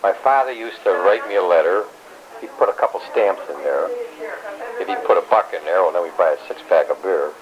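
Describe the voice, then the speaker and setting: Older man, low voice, rambling stories. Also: brisk, a crowd in the background. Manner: rambling, blunt, salty language. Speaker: grandfather telling his life story. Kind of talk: casual family storytelling. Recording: dull home recording with faint hiss.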